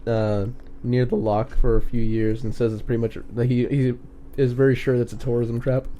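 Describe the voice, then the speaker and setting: A man's voice: mid-range voice, level tone, moderate pace, dark tone. Man, podcast co-host, dry, brief interjections, faint background hiss. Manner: dry, brief interjections, reads out chat comments. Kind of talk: casual podcast chat.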